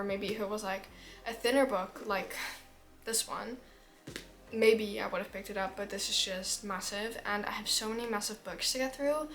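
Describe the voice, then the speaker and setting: A woman's voice: medium pitch, fairly bright tone. A teenage girl chatting casually about books, rambling and full of fillers. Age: teens. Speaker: book vlogger. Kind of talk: casual chat.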